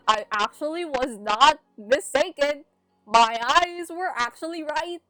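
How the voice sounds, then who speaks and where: A woman's voice: high voice, measured pace, no room sound, faint music behind. A young adult woman with a Filipino accent telling a candid personal story on her podcast, mixing English and Tagalog, swearing and laughing as she goes. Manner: animated, switches between English and Tagalog, swears freely, laughs. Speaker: podcast host.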